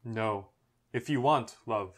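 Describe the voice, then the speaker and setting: A man voicing a dominant English teenage boy with a husky growl in a comedic dramatic reading of fan fiction. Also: fairly low pitch, takes it slowly. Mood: tender.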